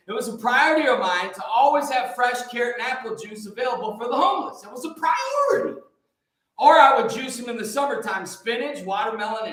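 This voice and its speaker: A man hosting a livestream, talking in an excitable, preachy way and jumping from topic to topic. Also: very high voice. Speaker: livestream host. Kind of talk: rambling livestream monologue. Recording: echoey room.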